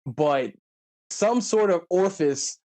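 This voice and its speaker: Co-host, mid-pitched, lively recap storyteller who voices the characters. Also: takes it slowly. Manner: animated storytelling, acts out characters' lines. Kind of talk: casual chat recapping a movie.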